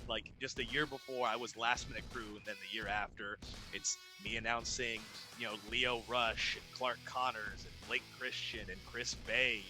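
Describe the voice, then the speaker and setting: A young man, a ring announcer, chats through a long story and animates the quoted exchanges. His voice is strikingly bright and forceful. Faint music runs quietly behind him. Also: medium pitch. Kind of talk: casual storytelling interview.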